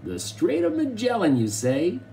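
Casting: man doing a jovial, booming old-fashioned ship captain, hearty and loud, mellow tone. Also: wildly swooping pitch, a little slow, creaky, slight background noise, heavily acted. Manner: roaring, jovial.

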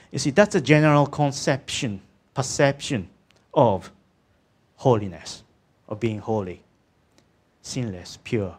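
A man's voice: fairly low pitch, breathy edge. A man preaching a sermon in conversational, slightly non-native English, often checking in with the congregation. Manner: conversational, asks the congregation "isn't it?" and "yeah?"; second-language English with small grammar slips.

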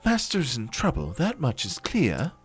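A man voicing a young woman huntress who speaks in old-fashioned thee-and-thou English and talks gently to her animal. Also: medium pitch, wildly swooping pitch, a little slow, faint music behind, voice pushed up. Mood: earnest.

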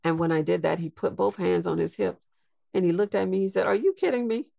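A woman in her sixties, a podcast guest telling a personal story in a slow, reflective way. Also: fairly low pitch, steady tone, gravelly, mellow, dry recording, clean studio sound. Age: 60s. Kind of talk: storytelling interview.

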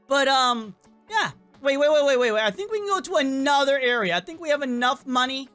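A woman giving chatty, excitable game commentary and talking to the characters, her voice worn and cracking with a cough. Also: high-pitched, fairly quick, faint music behind. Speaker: gameplay commentator.

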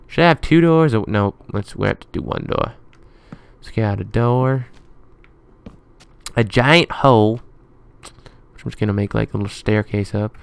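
Chatty young-sounding gamer man, smooth dry voice. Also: mid-range voice, unhurried, pauses often, no room sound. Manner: chatty, rambling running commentary; muttering to himself while building. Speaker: gaming YouTuber. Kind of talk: let's play commentary.

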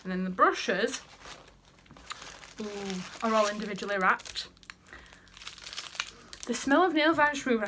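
A woman's voice: on the high side, noisy background. A young woman chatting in a casual home vlog, bubbly and rambling as she gushes over things. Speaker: vlogger. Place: family home, indoors.

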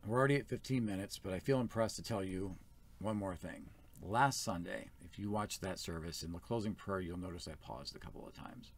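A man's voice: sits low, a little fast. A man speaking as first elder of a small church, giving an earnest, plain-spoken sermon.

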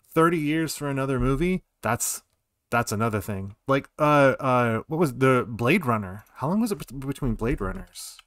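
A man's voice: medium pitch, lively intonation, normal speed, a bit bright, dry recording, studio quality. A man in his forties giving casual, rambling commentary while streaming a game. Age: 40s. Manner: rambling, digressive.

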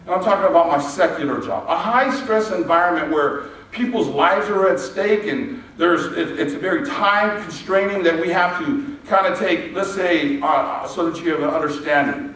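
A man's voice: fairly high pitch, moderate pace, hardly any pauses, a bit bright. Guy preaching a sermon, chatty, tells stories, far from the mic, big echoey church room. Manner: conversational, storytelling preaching with asides. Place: church auditorium. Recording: echoey hall, distant mic.

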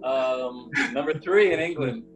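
A man's voice: medium pitch, a little slow, soft background music, poor audio. A jokey man in casual chat on a video call. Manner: jokey, bursts into shouted mock outrage. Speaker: band member on a video call.

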